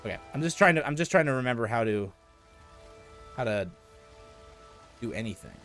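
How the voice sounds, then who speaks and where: Excitable man streaming a game. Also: medium pitch, brisk, faint music behind. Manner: excitable, swears, reads game text aloud. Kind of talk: casual gameplay commentary.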